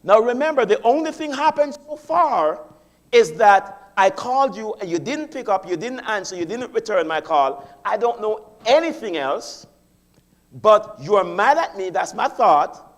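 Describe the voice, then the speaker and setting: A man's voice: sits high, lively intonation, measured pace. A man giving a sermon in a church, teaching step by step and acting out his own inner thoughts, often repeating key phrases. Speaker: guest speaker. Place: church sanctuary.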